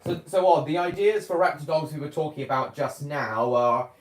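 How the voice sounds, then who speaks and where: A man's voice: on the high side, moderate pace. Rambling man in an echoey room. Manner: rambling, hesitant, many fillers and restarts. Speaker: vlogger. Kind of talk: casual chat. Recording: roomy echo.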